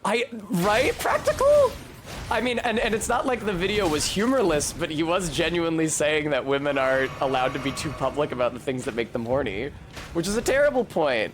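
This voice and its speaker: A man chatting casually and swearing while streaming a video game, often laughing. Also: on the high side. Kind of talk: casual gameplay commentary.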